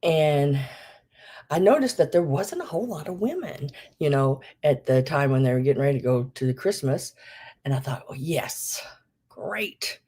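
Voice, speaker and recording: A woman's voice: low voice, expressive, normal speed, mellow, husky. A woman hosting a live vintage sale, chatting casually and rambling with many ums, a bit out of breath. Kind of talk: casual live-stream chat.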